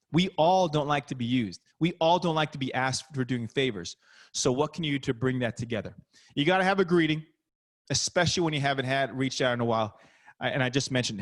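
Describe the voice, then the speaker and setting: A middle-aged man, a basketball coach, giving an energetic, punchy motivational talk over a video call. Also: medium pitch, a little fast.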